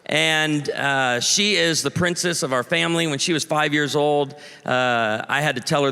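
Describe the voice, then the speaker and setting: A man in his forties delivers stand-up comedy from a church stage. His voice is pitched a little high and sounds bright and smooth. Each punchline rings out into the long reverb of a large venue. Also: moderate pace, hardly any pauses. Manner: punchy, playful, calls for audience response. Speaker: pastor and comedian. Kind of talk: stand-up comedy talk to a live audience.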